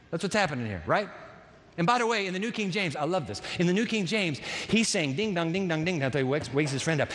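Animated preacher in an echoing hall. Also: male voice, high-pitched, fast. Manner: animated storytelling with asides to the congregation. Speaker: pastor. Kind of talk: sermon. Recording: long hall reverb.

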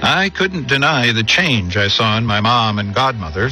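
A man tells his life story in a reflective, earnest narration with a voice of middle pitch. Music is clearly heard under his words. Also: moderate pace, few pauses, pushed and bright. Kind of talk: personal testimony narration.

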